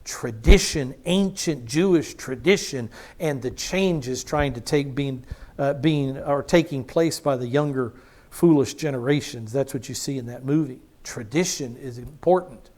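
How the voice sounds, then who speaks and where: A man's voice: medium pitch, unhurried, darkish tone. A man teaching a sermon on a Bible book, dramatically acting out the characters and asking the audience rhetorical questions. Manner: dramatic, acts out the quoted speakers. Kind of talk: expository sermon.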